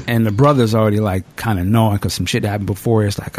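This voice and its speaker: A man hosting a podcast in casual chat, telling stories in an animated way and swearing freely. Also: lowish voice, brisk. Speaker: podcast host.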